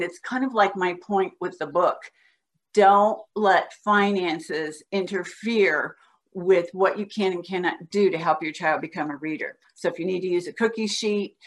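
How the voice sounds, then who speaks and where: A woman guest on a podcast, patiently explaining how to teach a child to read, sounding out words slowly as she demonstrates. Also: fairly low pitch. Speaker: guest reading educator. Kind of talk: instructional podcast talk.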